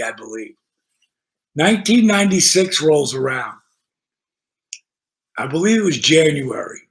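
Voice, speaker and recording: An older man, a podcast guest who wrestled professionally, telling stories in casual, profane chat. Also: on the high side. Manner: profane, animated storytelling with acted-out quotes.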